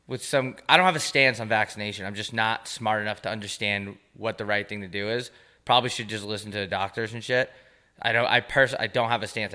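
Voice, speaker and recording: A man in his twenties from Long Island co-hosting a podcast, telling stories in a dry, deadpan way. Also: on the low side. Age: 20s. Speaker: podcast co-host. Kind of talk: casual chat.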